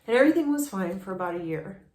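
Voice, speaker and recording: A woman vlogging about her family, emotional and tearful, talking in halting bursts with many restarts. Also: mid-range voice, animated, darkish tone, reverberant. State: raw nose from allergies. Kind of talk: personal confessional vlog.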